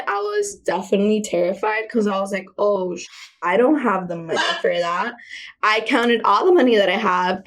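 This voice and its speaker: A woman talks straight to her audience in a loose, rambling vlog, full of slang and filler words. Her pitch sits in an ordinary middle range, and she comes across as candid and unpolished. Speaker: self-help vlogger. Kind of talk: casual personal storytelling.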